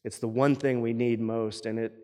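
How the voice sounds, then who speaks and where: A man preaching from the pulpit in a mid-pitched voice, earnest and steady. He often repeats a word or phrase as he builds his point. His voice rings with the long reverb of a church sanctuary. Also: moderate pace. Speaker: pastor. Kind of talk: sermon.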